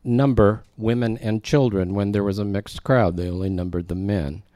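A man with a fairly low voice teaches through a scripture passage, chatting with his listeners and tossing in jokes. The sound is dry and close, with little room around it. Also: fairly even intonation, normal speed, dark tone, no room sound. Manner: conversational, joking asides to the congregation. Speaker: pastor. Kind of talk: expository sermon.

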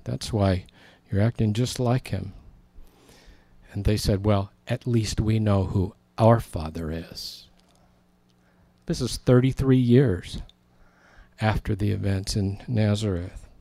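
A man's voice: fairly low pitch, takes it slowly, mellow, no echo. A man preaching a sermon in a conversational, storytelling way, acting out quoted lines.

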